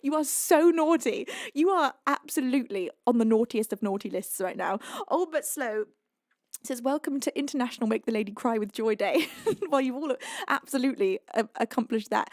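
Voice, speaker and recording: A tearful young British woman hosting a livestream. Her high voice swings wildly and leaps all over the place as she laughs through her tears. The sound is dry and close. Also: lively intonation, normal speed, dry recording. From United Kingdom. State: crying. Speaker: livestream singer and host. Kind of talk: casual livestream chat, reading out donations.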